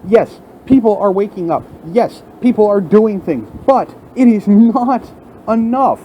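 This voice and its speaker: High-voiced man ranting and swearing. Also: unhurried, mellow, a little hiss or hum, low-quality recording. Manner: heated, profane ranting. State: angry. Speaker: vlogger. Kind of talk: unscripted rant to camera. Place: at work, in front of a large window. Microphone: phone.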